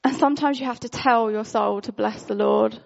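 A woman speaks in an informal, candid sermon, chatty and full of fillers. Her voice sits fairly high with a gravelly fry. The recording sounds dull and lo-fi. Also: a little fast, darkish tone. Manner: candid, conversational, frequent fillers. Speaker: worship speaker.

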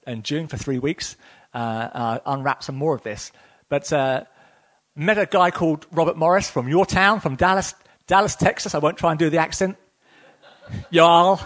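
A male pastor delivers a sermon in a fairly high voice. He sounds enthusiastic and openly emotional, speaking in a loose, conversational way with plenty of fillers.

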